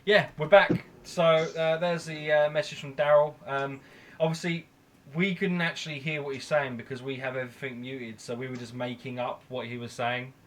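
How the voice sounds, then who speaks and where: A man's voice: mid-range voice, flat delivery, moderate pace, a bit bright. A man hosting a live stream, bantering casually and joking with playful swearing. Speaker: live show host.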